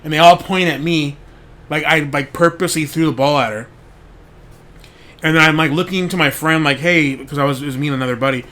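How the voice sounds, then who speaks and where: Brisk and a little high, this man's voice has a fairly bright tone. As host of a show, he rambles through a casual story, saying "like" constantly and swearing without restraint.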